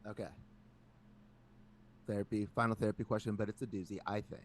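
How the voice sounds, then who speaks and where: Male podcast host, low voice, wisecracking, casual banter. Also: level tone, a little fast, a little hiss or hum. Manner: joking, reads out questions, asks pointed follow-ups.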